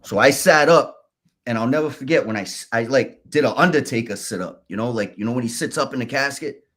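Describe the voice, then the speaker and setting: A man's voice: mid-range voice, fairly bright tone. Candid man telling his story. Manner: candid, halting, restarts and fillers. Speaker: podcast guest. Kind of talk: casual storytelling.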